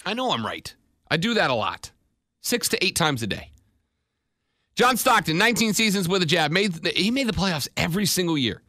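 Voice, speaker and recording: A man hosting a sports radio show, joking around and rattling off stats quickly at a studio mic. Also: high voice, big pitch swings, bright, forceful tone, no room sound. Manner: wisecracking, rattles off stats fast. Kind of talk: casual sports radio talk.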